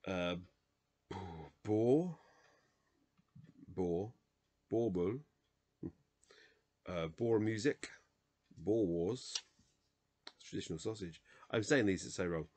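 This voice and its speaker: Tired man, very low voice, unhurried, reads word lists with halting self-corrections. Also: darkish tone. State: tired, late at night. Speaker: video host reading a dictionary aloud. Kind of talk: casual solo reading vlog.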